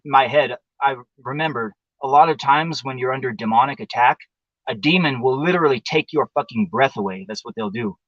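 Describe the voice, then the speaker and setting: A man's voice: mid-range voice, a bit bright, no echo, lo-fi sound. A man hosting a livestream show, telling a rambling, profane story in a casual monologue. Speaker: show host. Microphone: livestream mic.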